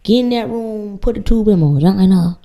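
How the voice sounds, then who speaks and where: A woman's voice: medium pitch, brisk, mellow, rough recording. A woman in her late twenties hosting a podcast, telling a personal story in candid casual chat, blunt and swearing freely. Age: late 20s. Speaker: podcast host.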